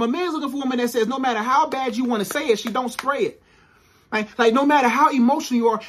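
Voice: mid-range voice, husky. A speaker giving faith-based relationship advice to women in a preachy, emphatic way, repeating points and using casual slang.

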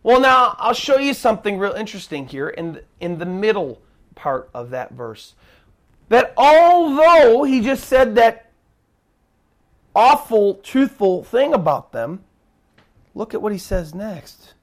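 A man preaching a sermon as pastor, emphatic, dropping to a hush and rising to near shouts. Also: high-pitched, very animated, measured pace.

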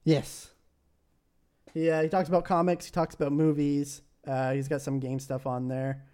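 A man's voice: fairly high pitch, level tone, normal speed, mellow, clean tone. A young man co-hosting a podcast in casual chat, hesitant with lots of fillers, laughing easily. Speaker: podcast co-host.

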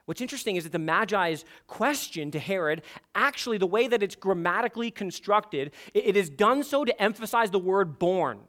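A man preaching an expository sermon, emphatic and building to forceful peaks. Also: high-pitched, lively intonation, brisk. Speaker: pastor.

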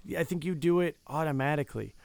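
Smooth gravelly earnest podcast man. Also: fairly high pitch, quick pace, darkish tone, no echo. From Detroit, US. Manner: earnest, reflective, hedging. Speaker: podcast co-host. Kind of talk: casual chat.

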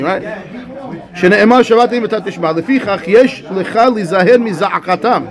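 Rabbi giving an animated Torah class; male, high-pitched, very fast delivery. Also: crowd noise. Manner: animated, acts out dialogue, mixes Hebrew texts. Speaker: rabbi teaching.

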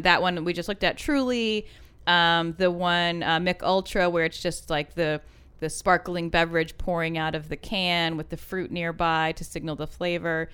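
Chatty woman with a very clear voice. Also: lowish voice, fairly bright tone. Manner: chatty, many fillers and restarts. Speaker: podcast co-host. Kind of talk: casual chat about ads.

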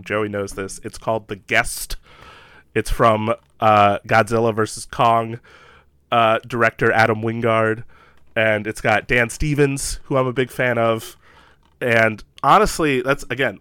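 A man's voice: on the low side, a bit bright, clear, resonant tone, dry recording. A man co-hosting a casual podcast from home, rambling with enthusiasm and lots of fillers. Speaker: podcast co-host. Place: home room.

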